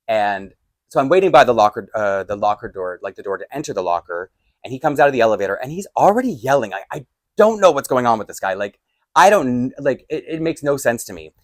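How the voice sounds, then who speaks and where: A man telling a storytime vlog, acting out both sides of a heated argument and getting loud. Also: mid-range voice, very animated, fast, no echo, clean studio sound. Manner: lots of fillers and restarts, laughs between lines. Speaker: doll collector vlogger. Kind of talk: storytime vlog, animated retelling. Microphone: desk microphone.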